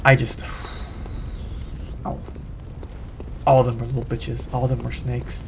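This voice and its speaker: A young man talks over his gameplay at home, rambling through a profane story in a flat, gravelly voice that barely rises or falls. He swears freely and circles back to the same points. A steady hiss of noise sits under the recording. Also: mid-range voice, a little slow. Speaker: gaming channel host. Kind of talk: casual commentary while playing. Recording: noisy background.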